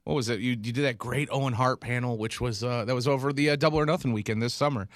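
A man's voice: mid-range voice, no echo, studio quality. A man hosting a sports radio talk show, chatting casually with lots of restarts. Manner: chatty, halting with restarts and laughs.

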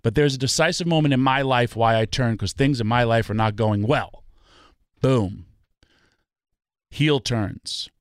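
A man's voice: mid-range voice, unhurried, long pauses, clear, resonant tone, no room sound, clean studio sound. A man ranting about wrestling on a talk show, emphatic and full of rhetorical questions. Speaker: wrestling podcast guest. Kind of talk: passionate ranting commentary.

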